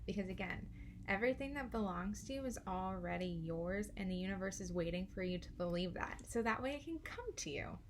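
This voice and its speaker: A young woman talking through a casual card reading, chatty and giggly, dropping swear words with ease. Her pitch sits in a middle range. Faint noise runs under the recording. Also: expressive, a little fast. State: out of breath. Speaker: tarot card reader.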